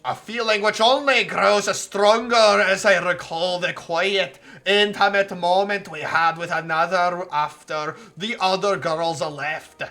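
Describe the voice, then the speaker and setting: A streamer voicing a young male game hero in a rough old sea-captain voice with a put-on Scottish-tinged pirate accent, reading slowly and loudly. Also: medium pitch, steady tone, voice pushed up. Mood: dramatic. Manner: loud, slow, dramatic storybook reading.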